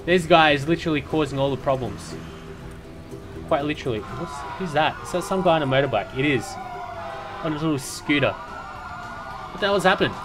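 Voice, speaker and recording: A man's voice: on the high side, lively intonation, a little fast. Chatty man commentating gameplay over music. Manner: chatty, rambling, with many fillers and restarts. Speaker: let's play commentator.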